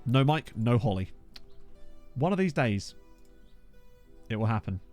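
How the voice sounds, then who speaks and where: Male gaming commentator with a lively, swooping delivery, chatty and self-mocking, soft music underneath. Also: medium pitch, unhurried. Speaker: gaming YouTuber. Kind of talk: casual let's-play commentary. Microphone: USB desk microphone.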